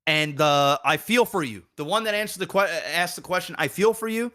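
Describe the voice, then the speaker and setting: A man's voice: high-pitched, a little fast, bright, forceful tone. A man co-hosting a podcast, ranting heatedly and swearing a lot in casual chat. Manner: profane, heated, repetitive. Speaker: podcast co-host.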